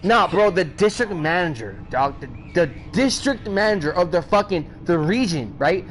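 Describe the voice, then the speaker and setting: A man's voice: high voice, animated, normal speed, poor audio. A man streaming a game who tells a long, profane story in casual slang, repeating himself and getting worked up as he goes. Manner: repeats himself and builds up heat. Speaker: gaming streamer. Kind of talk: casual storytelling while playing.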